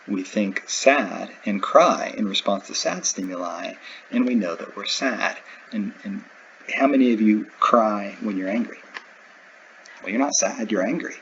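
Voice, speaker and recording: A man's voice: lowish voice, lo-fi sound, a little hiss or hum. A man teaching a recorded lecture, explaining in a conversational way with everyday examples. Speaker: instructor.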